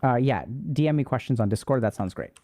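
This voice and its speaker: A man's voice: mid-range voice, animated, quick pace, dark tone. Casual man chatting with stream viewers. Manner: loose and rambling, talks to chat. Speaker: streamer answering chat questions. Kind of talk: casual livestream chat.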